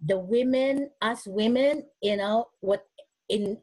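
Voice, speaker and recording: Husky-voiced woman demonstrating self-care. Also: fairly high pitch, takes it slowly, poor audio. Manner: earnest, animated, restarts often. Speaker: nurse speaking at a webinar. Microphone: webinar recording.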